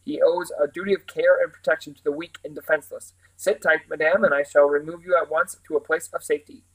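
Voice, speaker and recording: A man's voice: fairly high pitch, fast, poor audio. A man doing the proud, gallant Scarecrow. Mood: courtly. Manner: proud, courtly, excitable. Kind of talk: storybook character voice.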